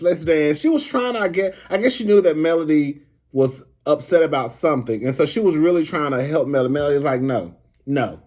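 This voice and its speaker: Gossipy male reality-TV recapper with a slightly high voice, breezy and laughing. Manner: animated, gossipy, laughs a lot. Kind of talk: casual reality show recap.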